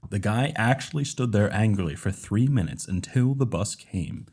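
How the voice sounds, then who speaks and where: A man's voice: on the low side, expressive, moderate pace, darkish tone, slightly rough. A man hosting a casual comedy podcast, reading a story aloud and handing out roles. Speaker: podcast host.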